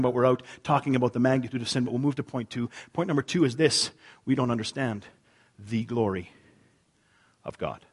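A pastor delivers a sermon in a husky voice, a little fast, swinging from loud, emphatic lines down to hushed, low ones.

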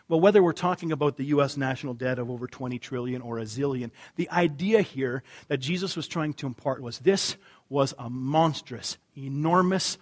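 A man preaching in a loose, conversational style, his voice sitting a little high for a man. He peppers the congregation with rhetorical questions, then sinks to a hushed, slow weight on the words he wants to land. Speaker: pastor. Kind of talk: sermon.

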